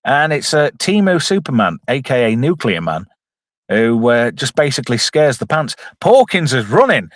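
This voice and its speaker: A man riffing on a film for a live chat audience, jokey and loose. His pitch swings widely as he talks, and the sound is dry and close to the mic. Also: sing-song, moderate pace, dry recording. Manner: jokey, reads out chat, puts on silly voices. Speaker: streamer reviewing a film. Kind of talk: casual live commentary.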